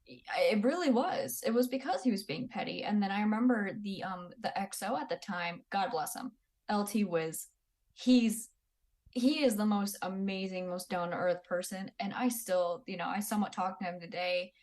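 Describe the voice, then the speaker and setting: A woman's voice: mid-range voice, normal speed, darkish tone. A woman in her twenties, a podcast guest, talking candidly in a blunt, profane way. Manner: blunt and profane, acts out quoted people. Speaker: podcast guest, Army veteran. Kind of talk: candid casual storytelling.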